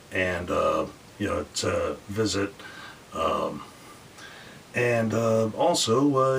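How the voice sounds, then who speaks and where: A man's voice: low voice, vocal fry, a bit bright, recorded from a distance, slight background noise. A man telling a rambling dream story casually, with lots of fillers and voices acted out.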